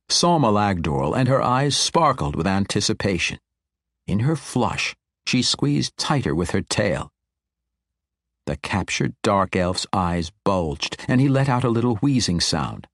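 Low-voiced man narrating a fantasy audiobook. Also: very animated, measured pace, vocal fry, dry recording, clean studio sound.

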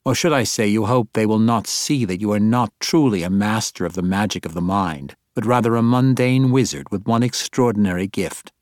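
A man voicing Malice, an icy dark elf matriarch. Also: fairly low pitch, moderate pace, few pauses, no room sound, studio quality, close to an everyday voice. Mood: scornful. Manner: icy, commanding, quietly threatening. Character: imperious female dark elf matriarch, cold and menacing. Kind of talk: audiobook character voice.

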